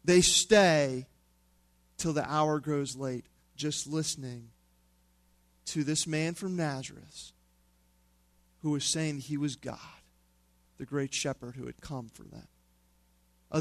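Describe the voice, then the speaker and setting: A male pastor preaching a sermon in a conversational, humorous way that drops to a hushed tone for emphasis. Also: on the high side, dry recording.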